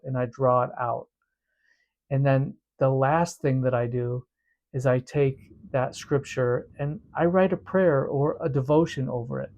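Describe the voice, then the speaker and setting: A man's voice: medium pitch, darkish tone. A man teaching a devotional method in a casual, earnest way, often repeating words as he explains.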